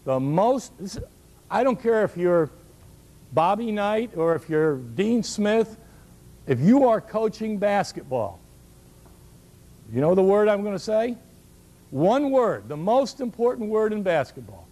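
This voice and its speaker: A man in his sixties gives a shooting clinic, telling folksy stories full of joking asides. His voice sits high yet sounds mellow, with a gravelly edge. He hammers home his key words by saying them again and again to a live group. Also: big pitch swings, unhurried, pauses often. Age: 60s. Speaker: basketball shooting coach. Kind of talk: coaching clinic talk.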